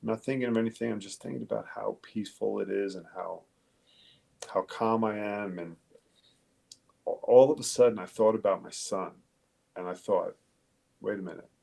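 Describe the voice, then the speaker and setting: A middle-aged man from Long Island, New York, a police detective telling his story in a casual interview, halting and profane, with many fillers and restarts. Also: fairly low pitch, vocal fry, dark tone.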